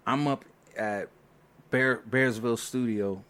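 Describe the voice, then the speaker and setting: A man's voice: medium pitch, slow pace, clean tone. A man, a record producer, telling studio stories in a casual interview, swearing freely and acting out the people in them. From New York. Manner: animated storyteller, acts out quoted voices, swears freely.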